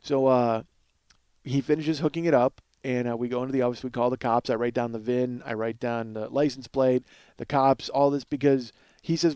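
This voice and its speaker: A man hosting a comedy podcast, telling a story in an animated, profane, rambling way. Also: mid-range voice, moderate pace, clear, resonant tone, dry recording. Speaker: podcast host.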